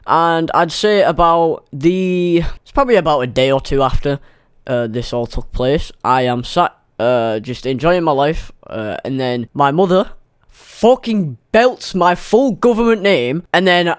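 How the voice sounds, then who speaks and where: A man's voice: on the high side, animated, measured pace, smooth, dry recording, studio quality. Sweary young man telling a story. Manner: sweary, rambling, self-mocking. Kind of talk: casual storytime monologue.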